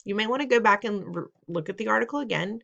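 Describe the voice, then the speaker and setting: A female teacher talks fast in a creaky, bright, forceful voice of medium pitch as she walks students through reading questions in a recorded test-prep lesson. She's patient and instructive, repeats steps, asks questions, and teases playfully. The high frequencies are cut off.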